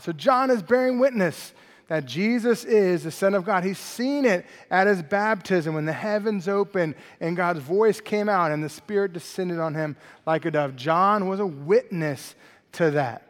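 A male pastor preaching an expository sermon in a conversational, animated way, often checking in with the congregation. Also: high-pitched, measured pace, long reverb tail. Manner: conversational, animated preaching with frequent "right?" asides.

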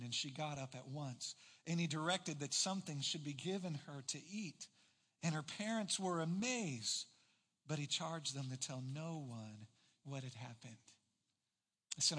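Animated male preacher in a big echoey hall. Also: fairly high pitch. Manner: animated storytelling, acts out quoted voices. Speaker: pastor. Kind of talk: sermon.

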